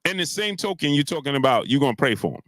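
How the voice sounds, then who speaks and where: A man hosting a boxing live stream, ranting heatedly with many filler sounds and shouting out chat viewers. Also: fairly high pitch, big pitch swings, quick pace, no echo. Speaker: boxing commentary host.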